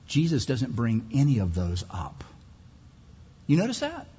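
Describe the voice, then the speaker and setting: Slow, emphatic preacher in a hall. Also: male voice, wildly swooping pitch, warm tone, slightly rough. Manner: emphatic preaching with dramatic pitch swings and slow pauses. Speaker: pastor. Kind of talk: sermon. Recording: muffled hall recording.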